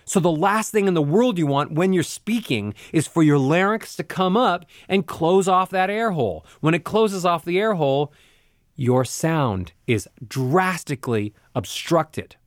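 A middle-aged man, a voice coach, explaining vocal exercises step by step in a clear, patient way. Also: on the high side, lively intonation, unhurried, dry recording, studio quality. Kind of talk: spoken instruction with vocal exercises.

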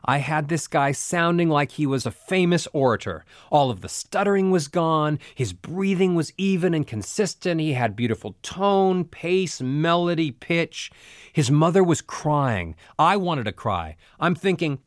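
A man's voice: fairly high pitch, expressive, measured pace, no room sound, studio quality. A man teaching voice technique in an audio lesson, telling a story in an earnest, motivational way. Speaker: voice coach.

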